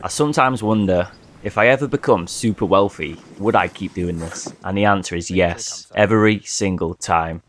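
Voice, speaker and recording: A man narrating a travel vlog and talking to camera while hiking outdoors, in a relaxed, chatty and enthusiastic way. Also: low-pitched, normal speed, slight background noise. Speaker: hiking vlogger. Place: outdoors on a coastal hike.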